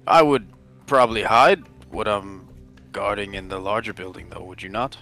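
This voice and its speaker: A man's voice: lowish voice, moderate pace, pushed and bright, soft background music. A man playing a tabletop game, reasoning aloud hesitantly with many fillers and restarts. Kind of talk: in-character tabletop role-play.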